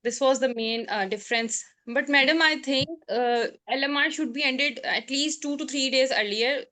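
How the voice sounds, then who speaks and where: A woman's voice: high-pitched, normal speed, pushed and bright. A woman doctor on a video call, talking hesitantly with many fillers. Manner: hesitant, with many "uh" fillers and restarts, laughs often. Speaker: doctor, a student who passed an exam. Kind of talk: emotional call testimony.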